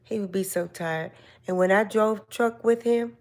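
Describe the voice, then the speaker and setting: An older woman hosting a casual live stream chat, giving slow, gentle, motherly advice to her viewers. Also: medium pitch.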